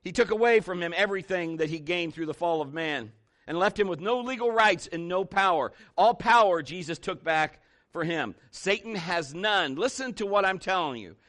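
A man preaching from the pulpit in a high, bright voice. He is emphatic and animated, repeating his points and acting out stories for his church. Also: moderate pace. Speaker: pastor. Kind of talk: sermon.

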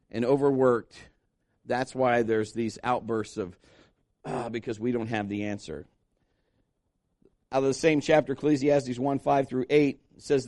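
A male pastor delivering a conversational sermon, with lively asides to his congregation and read scripture passages. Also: mid-range voice, dry recording, studio quality.

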